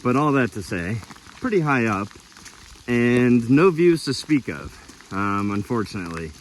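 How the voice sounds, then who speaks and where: A man vlogging a hike on a rainy mountain trail, giving relaxed, practical trail tips while out of breath. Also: medium pitch, measured pace, slight background noise, low-quality recording. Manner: relaxed, practical, self-deprecating. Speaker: hiking vlogger. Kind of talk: casual trail commentary. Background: light rain.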